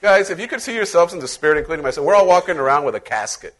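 A man's voice: a little high, sing-song, racing. A middle-aged male pastor preaching a sermon in a conversational, playful way, acting out little voices as he goes.

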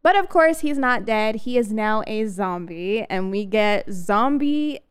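A woman's voice: medium pitch, animated, unhurried, smooth. A woman co-hosting a podcast, animatedly retelling a movie plot with laughs. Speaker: podcast co-host. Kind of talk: casual movie recap chat.

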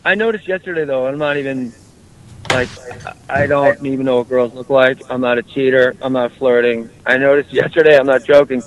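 A man's voice: mid-range voice, steady tone, fairly quick, highs cut off. A man hosting a comedic call-in talk show, brash and joking, swearing freely and rambling. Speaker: host.

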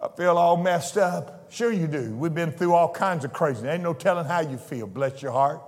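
A man preaching a fervent sermon, swinging from soft asides to shouted declarations. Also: fairly high pitch, moderate pace, big-room sound. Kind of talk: pentecostal sermon. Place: church sanctuary.

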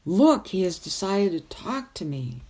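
A woman's voice: on the low side, very animated, unhurried, mellow, breathy edge, exaggerated voice. A woman voicing an eager, polite young boy in a storybook reading. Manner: eager, apologetic.

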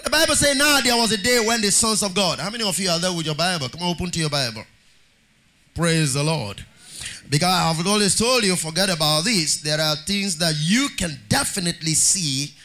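A man's voice: high voice, animated, a little fast, pushed and bright. A man preaching a sermon as pastor, reading scripture aloud in a sing-song cadence and calling on the congregation for amens.

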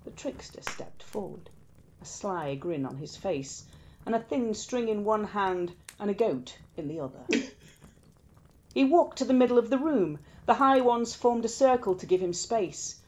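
A woman storyteller narrating a myth in an expressive, lilting way. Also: medium pitch, a little slow, slight background noise.

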